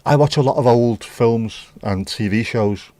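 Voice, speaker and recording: In a mellow, medium-pitched voice, a little slow and free of echo, a British man reads viewer comments on his casual livestream. He riffs on them as host, opinionated and mildly profane.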